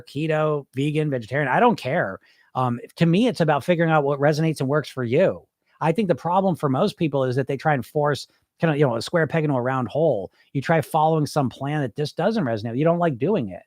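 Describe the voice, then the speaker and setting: A man with a fairly high voice speaks at a quick pace in clean, echo-free studio sound. He's hosting a live podcast, reading comments during a live-stream chat and addressing his listeners bluntly and emphatically, repeating points for effect.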